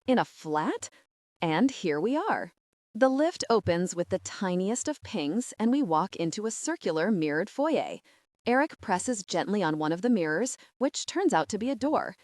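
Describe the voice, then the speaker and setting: A woman narrating a first-person audiobook in a wide-eyed, expressive way. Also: medium pitch, moderate pace, dry recording, clean studio sound.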